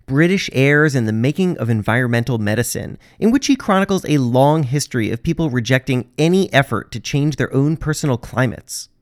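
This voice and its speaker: A podcast host with a medium-pitched voice narrates from a script, adding wry, sarcastic asides. The sound is clean studio audio with no echo.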